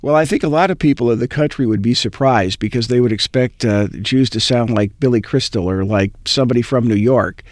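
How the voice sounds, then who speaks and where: A man's voice: mid-range voice, a little fast, few pauses, dry recording, studio quality. Rambling male interview host. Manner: rambling with many fillers and restarts. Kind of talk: conversational interview.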